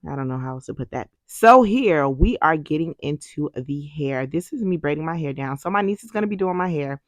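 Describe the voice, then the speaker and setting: A woman's voice: low voice, animated, brisk, no echo. Sassy, chatty woman vlogger. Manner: chatty and sassy, talking straight to viewers. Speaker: lifestyle vlogger. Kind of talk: voice-over narration of a vlog.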